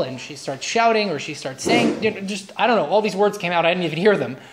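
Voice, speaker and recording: Woman coach running a workshop, chatty storyteller, keeps going "right?", bit of faint hiss. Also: on the low side. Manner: lively storytelling with frequent "right?" check-ins to the audience. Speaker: relationship coach leading a workshop. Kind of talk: live workshop talk. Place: workshop room.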